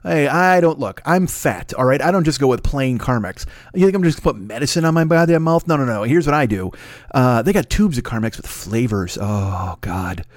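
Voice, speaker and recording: A man hosting his own podcast in a rambling, profane, self-mocking monologue that runs fast and loose. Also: mid-range voice, animated, no room sound. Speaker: podcast host.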